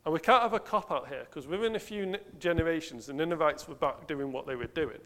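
A man's voice: a little high, fast talker, a bit bright. A man preaching a sermon in an earnest, self-questioning way, asking the congregation rhetorical questions. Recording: long hall reverb.

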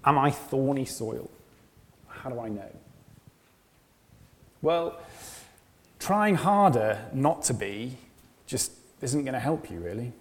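A man's voice: medium pitch, animated, slow pace, long pauses, long reverb tail. A man preaching a sermon, earnest, often repeating phrases and asking rhetorical questions.

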